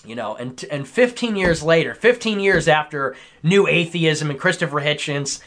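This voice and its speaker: High-voiced sarcastic man. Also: expressive, normal speed, fairly bright tone. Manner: sarcastic, mocking voices for effect. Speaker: podcast guest. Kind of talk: casual podcast chat.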